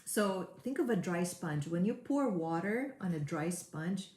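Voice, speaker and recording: A woman's voice: lowish voice, animated, measured pace, a little mellow. Earnest woman coaching in an echoey room. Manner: earnest, repeats key words for emphasis. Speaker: high performance coach. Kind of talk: motivational webinar talk. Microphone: webinar mic.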